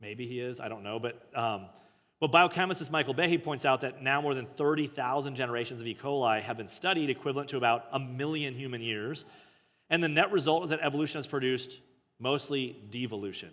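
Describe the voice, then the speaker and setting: A man's voice: medium pitch, brisk, a bit bright. A man, a pastor, reads passages from a book aloud and breaks off into casual, joking commentary and self-corrections. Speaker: pastor teaching a book study. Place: church hall. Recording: long hall reverb.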